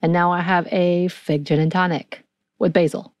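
A woman's voice: on the low side, flat delivery, normal speed, a little mellow, no room sound. A woman with a Southern US accent, co-hosting a podcast in casual, rambling chat and laughing often. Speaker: podcast co-host.

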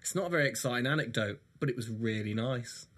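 A man's voice: mid-range voice, quick pace, fairly bright tone. A man co-hosting a podcast in casual chat, teasing and asking curious questions. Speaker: podcast co-host.

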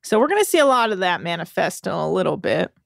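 A woman's voice: on the low side, very animated, quick pace, gravelly, no echo, studio quality. A woman co-hosting a podcast, animatedly recapping a show in casual chat. She swears freely. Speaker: podcast co-host.

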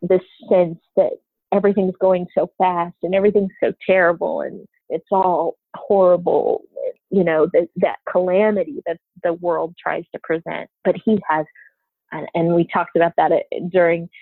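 A woman's voice: lowish voice, flat delivery, normal speed, vocal fry, no room sound. A middle-aged woman talking earnestly and from the heart about faith, sharing her own experience as a guest. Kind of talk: faith-based conversation. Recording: tinny phone-like line, dry.

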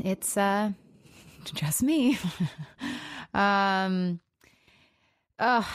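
A woman in her thirties hosting a solo podcast, talking in a halting, soft-spoken way and sounding emotionally raw and subdued. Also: lowish voice, smooth, dry recording, studio quality. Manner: halting, soft-spoken, with frequent pauses and trailing phrases. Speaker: podcast host. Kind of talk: casual solo podcast talk.

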